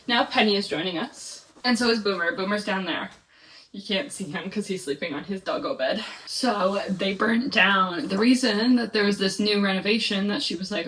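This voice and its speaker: At home in bed or on the couch with a book, a young woman vlogger chats casually about what she's reading, rambling and dropping "like" constantly. Her voice is fairly low and a bit bright, at a moderate pace, and sits somewhat far from the mic.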